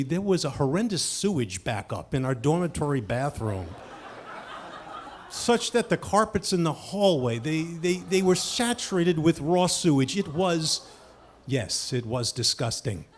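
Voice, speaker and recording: Animated high-voiced male storyteller. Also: normal speed, a little hiss or hum. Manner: animated and self-mocking, swinging from hushed asides to shouted punchlines. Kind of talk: live comic storytelling.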